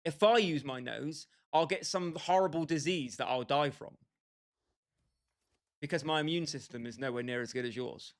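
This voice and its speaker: A man's voice: a little high, normal speed. A young British man casually chatting with his livestream viewers, bantering with them by name and laughing often. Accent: British English. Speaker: streamer.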